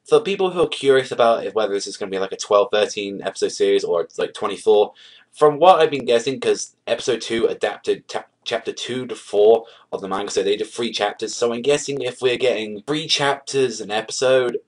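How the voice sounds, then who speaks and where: A young man with a fairly low voice talks through an episode review in a loose, offhand way. He rambles, leans on fillers like "like" and "you know," and throws in casual swearing. His delivery is unscripted and chatty. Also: animated, a little fast. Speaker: anime reviewer.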